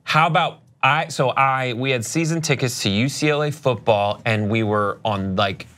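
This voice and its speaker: A man's voice: mid-range voice, normal speed, fairly bright tone. A man co-hosting a sports show in casual banter, rambling and restarting his thoughts.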